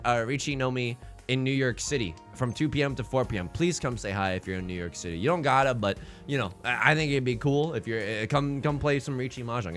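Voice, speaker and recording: A man giving live mahjong commentary to his chat, theatrical and quick to swing between mock outrage and laughter. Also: fairly high pitch, sharp tone. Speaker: mahjong streamer.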